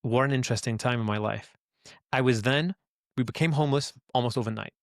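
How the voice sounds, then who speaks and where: A man's voice: medium pitch, fast, no echo. Chatty Welsh man, dry close sound. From Wales. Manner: rambling, lots of "like" and "right?", repeats words; earnest and emphatic, addresses listeners as guys. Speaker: interview guest, autism advocate. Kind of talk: casual storytelling in a conversation.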